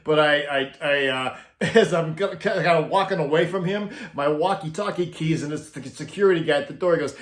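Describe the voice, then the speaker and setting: Middle-aged man, ex stage crew, relaxed anecdote telling with frequent laughs; a little high-pitched, roomy sound. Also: moderate pace. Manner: laughs often while telling. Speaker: former concert sound crew member. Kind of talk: casual storytelling.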